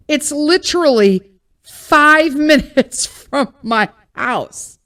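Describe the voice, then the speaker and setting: A woman's voice: sits high, lively intonation, slow, a bit bright. A woman, hosting a podcast and venting bluntly in a casual, exasperated monologue, swearing freely. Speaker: podcast host.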